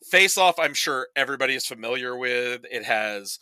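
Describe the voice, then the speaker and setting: A young man in casual podcast chat, telling animated stories and breaking into exaggerated impressions. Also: mid-range voice, normal speed, clear, resonant tone, no room sound, low-quality recording. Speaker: podcast guest.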